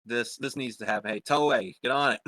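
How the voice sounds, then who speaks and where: A man's voice: mid-range voice, fairly quick, fairly bright tone. A man co-hosting a casual podcast, joking in a playful way. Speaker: podcast co-host.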